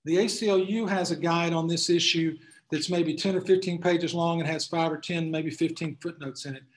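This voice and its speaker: A man lectures a class in a room full of people, talking conversationally and often restarting his phrases. His voice sits somewhat high for a man. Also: fairly even intonation, normal speed, rough recording. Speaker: attorney giving a class talk.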